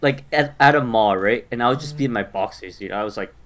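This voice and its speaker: A man co-hosting a podcast, chatting casually in relaxed slang and ending his lines with "dude". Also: mid-range voice, quick pace, heavy background noise. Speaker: podcast co-host. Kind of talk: casual chat.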